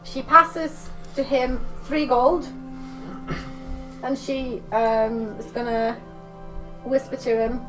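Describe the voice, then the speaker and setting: A woman's voice: on the high side, little pitch movement, slow pace, pauses often, distant mic, music in the background, low-quality recording. A woman playing a tabletop role-playing game, chatting casually and giggling as she describes her character's moves. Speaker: player.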